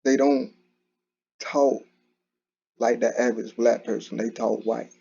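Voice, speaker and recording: This commentary channel host offers casual solo commentary in a conversational monologue, repeating "you know" and restarting often. He has a mellow, mid-range voice with vocal fry, fairly even intonation, and a measured pace, captured in a dull lo-fi recording.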